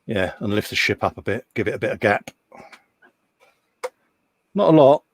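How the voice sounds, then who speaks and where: A man's voice: on the low side, expressive, moderate pace. A man hosting a casual chat while building a model, teasing and bantering. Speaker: host.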